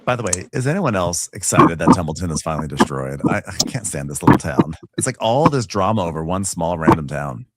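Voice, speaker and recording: A man co-hosting a casual podcast, recapping an episode and acting out the characters' lines with big jumps in pitch. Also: big pitch swings, a little fast, hardly any pauses, very noisy. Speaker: podcast co-host.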